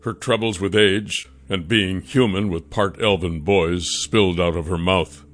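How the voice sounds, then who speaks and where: Calm male storybook narrator. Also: sits low, a little slow.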